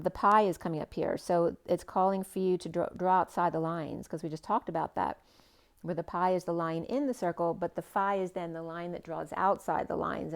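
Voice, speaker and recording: A woman giving a spiritual tarot reading in a rambling, free-associating way, with many fillers and phrases that trail off, sometimes drawing words out slowly. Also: on the low side. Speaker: tarot reader.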